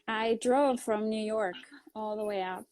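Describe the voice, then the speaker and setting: A woman's voice: mid-range voice, fairly even intonation, unhurried, a little mellow, no room sound, poor audio. A woman from Italy with an Italian accent, chatting casually on a phone live stream and laughing often. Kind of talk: casual chat.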